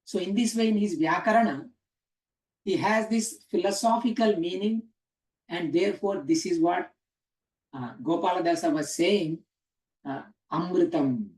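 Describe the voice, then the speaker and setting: A man's voice: high-pitched, normal speed, darkish tone, distant mic. A man teaching a class on Sanskrit grammar, explaining step by step and quizzing the students. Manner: explanatory, asks the class questions, frequent "uh" and "huh?". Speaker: teacher of scripture. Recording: echoey room, speaker away from mic.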